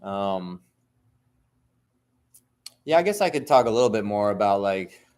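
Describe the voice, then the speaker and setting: A man's voice: lowish voice, big pitch swings, a little slow, a little mellow, clean tone. Rambling, profane man telling stories. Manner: rambling, profane storytelling with many fillers. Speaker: tattoo artist. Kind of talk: casual solo monologue.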